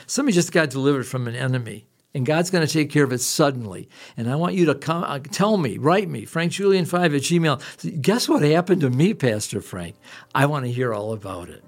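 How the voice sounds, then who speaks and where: Gravelly-voiced pastor preaching earnestly. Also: male voice, on the high side, lively intonation, fairly quick. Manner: earnest storytelling, lifts into fervent prayer. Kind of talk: sermon with prayer.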